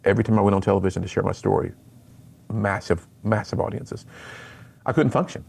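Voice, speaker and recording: A middle-aged man, a guest on a radio interview, telling his personal story in an earnest, animated way and acting out the lines he quotes. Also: fairly low pitch, brisk, vocal fry, a little hiss or hum. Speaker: radio guest, speaker to students.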